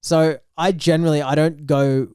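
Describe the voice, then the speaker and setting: A young man, co-hosting a podcast and telling a story with lively acted-out dialogue. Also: fairly high pitch, normal speed, smooth, no room sound, studio quality. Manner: animated storyteller, acts out quoted dialogue. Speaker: podcast co-host. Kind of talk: casual storytelling chat.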